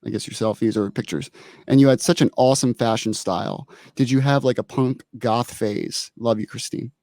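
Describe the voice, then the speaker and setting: A man's voice: mid-range voice, moderate pace, dark tone, dry recording, clean studio sound. A man hosting a podcast, reading out viewer comments in a laid-back, slangy way. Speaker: podcast host.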